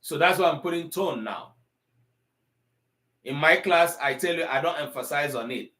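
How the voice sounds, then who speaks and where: A man teaching an online language class, pausing often with ums as he explains tone. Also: a little high, sharp tone. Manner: slow, deliberate, with frequent ums and pauses.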